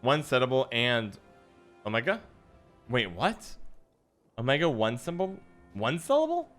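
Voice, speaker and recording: A man's voice: mid-range voice, expressive, unhurried, fairly bright tone, faint music behind. A man livestreaming a card game, chatting casually with his viewers in a musing, self-deprecating way. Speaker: streamer. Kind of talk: casual livestream chat while gaming.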